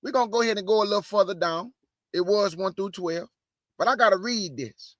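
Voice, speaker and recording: A man preaching from the Bible, mixing scripture reading with slangy asides and shouted bursts. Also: sits high, a little fast, no room sound, clean studio sound. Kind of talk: energetic street-style Bible preaching.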